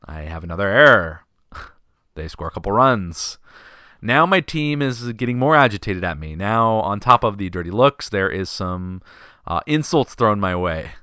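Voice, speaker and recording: A man hosting a podcast, telling a story in a casual, animated, self-deprecating way. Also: on the low side, normal speed, smooth, no room sound, studio quality. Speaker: podcast host.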